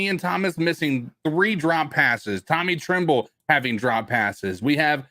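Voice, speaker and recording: A man co-hosting a sports podcast, speaking haltingly with frequent restarts. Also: a little high, expressive, sharp tone, no echo. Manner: halting, many fillers and restarts. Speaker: podcast co-host. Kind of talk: casual postgame talk.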